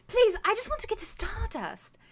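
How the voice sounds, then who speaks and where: A woman voicing a young female tiefling bard with a light, airy voice and quick chatter. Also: very high voice, very animated, voice pushed up. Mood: pleading. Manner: pleading then indignant, quick chatter.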